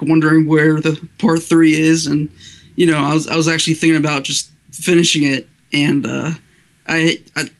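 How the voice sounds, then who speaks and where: A young man chatting casually as an interview guest, halting with many restarts and laughing often. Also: a little high. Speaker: interview guest, video maker. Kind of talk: casual chat.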